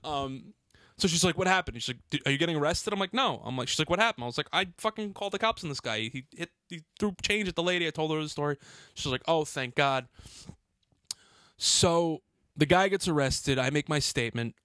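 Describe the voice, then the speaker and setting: Male podcast host, high, bright voice, heated profane storyteller. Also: expressive, fairly quick, no room sound.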